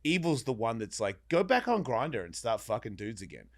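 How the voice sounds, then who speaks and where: A man's voice: mid-range voice, moderate pace. A man telling a long personal story in casual podcast chat, swearing freely and acting out the voices in it. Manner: animated, swearing, acts out voices in his story. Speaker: podcast guest.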